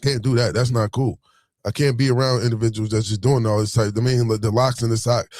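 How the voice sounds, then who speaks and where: A man telling a story in a casual, animated, streetwise way, swearing freely. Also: mid-range voice, a little fast, dry recording, studio quality.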